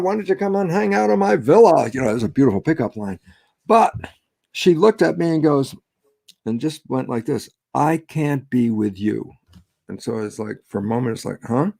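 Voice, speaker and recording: A man's voice: mid-range voice, creaky, no echo, studio quality. An older man, a guest scientist, telling stories with lots of expression and acting out the voices he quotes. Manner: expressive, acts out quoted voices, laughs easily. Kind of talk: animated storytelling in a conversation.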